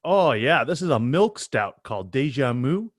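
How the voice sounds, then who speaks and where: A man's voice: mid-range voice, big pitch swings, normal speed, no room sound, clean studio sound. A Canadian man in his thirties co-hosting a sports podcast, laid-back and laughing easily in casual chat. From east coast of Canada. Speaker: podcast co-host.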